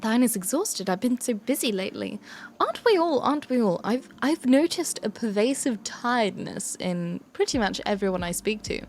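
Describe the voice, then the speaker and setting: A woman's voice: fairly high pitch, big pitch swings, normal speed, a little mellow, soft background music. A young woman streaming live as a prim, self-important evil alter ego, with theatrical, old-fashioned phrasing. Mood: prim, chatty. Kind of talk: live stream character chat.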